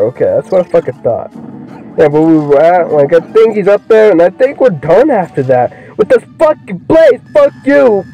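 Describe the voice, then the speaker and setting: A young man doing let's play commentary, excitable, swearing constantly and yelling at the game. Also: high-pitched. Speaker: gaming video creator. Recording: muffled lo-fi mic with game music. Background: game music.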